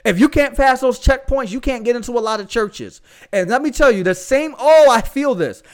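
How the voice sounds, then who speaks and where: A man's voice: extremely high pitch, animated, moderate pace. A young man with a Southern US accent preaching fervently in a casual, slangy, conversational way. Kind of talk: podcast sermon.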